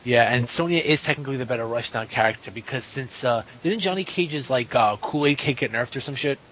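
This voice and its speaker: A man's voice: medium pitch, brisk, a bit bright, slight background noise. A man breaking down fighting game matchups in loose casual talk, full of fillers and swearing. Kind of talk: casual podcast chat. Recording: muffled lo-fi podcast audio.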